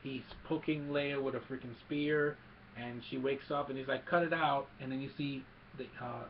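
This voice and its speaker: Gravelly man recapping a movie excitedly. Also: mid-range voice, dull audio, slight background noise. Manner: animated retelling with sound effects and quick character quotes. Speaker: movie reviewer.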